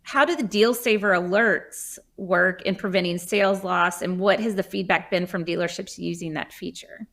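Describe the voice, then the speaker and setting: A woman's voice: fairly low pitch, normal speed, gravelly, few pauses, fairly bright tone. A woman interviewing a business guest, giving brief affirmations and asking prepared questions. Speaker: magazine publisher, interviewer.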